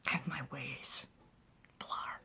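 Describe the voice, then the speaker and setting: A woman's voice: slow pace, sharp tone. A woman voicing a spiteful, scheming female clan rival in a hissing, accusing near-whisper.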